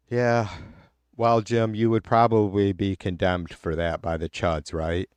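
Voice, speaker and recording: Low-voiced man ranting on a live stream. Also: level tone, measured pace, a little mellow, clean tone, dry recording. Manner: blunt, heated, swears often. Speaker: live stream host reading viewer comments. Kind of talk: casual profane political rant.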